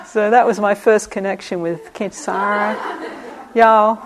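An older British woman, a meditation teacher, tells stories from her past in a reflective talk, often laughing and adding soft asides. Her voice is medium-pitched and steady, with a slightly slow delivery.

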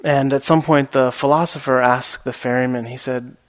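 A man giving a relaxed, rambling meditation talk that mixes a story with teaching and is full of fillers. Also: medium pitch, normal speed. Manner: laughs at his own story.

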